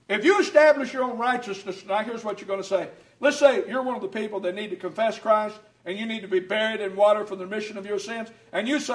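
In a church hall, a male preacher with a high voice gives a fiery sermon, building to rising shouts and tossing quick asides to the congregation. The mic is at a distance, so the sound is echoey and roomy.

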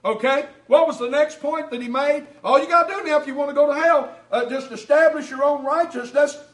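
A man preaching a sermon to his congregation, building to shouts and then dropping to quick asides. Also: very high-pitched. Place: church hall. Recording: echoey hall, mic at a distance.

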